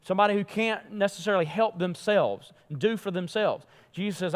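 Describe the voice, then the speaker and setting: A man pastor preaching a sermon in a church, emphatic, rising and falling in loudness. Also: high voice, a little fast, hardly any pauses. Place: church sanctuary. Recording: long hall reverb.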